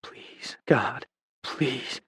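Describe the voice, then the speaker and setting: A man voicing a desperate young man who swings between frantic shouts and broken, pleading whispers beside his injured love. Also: mid-range voice, moderate pace, breathy edge, no echo, clean studio sound. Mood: whispered prayer.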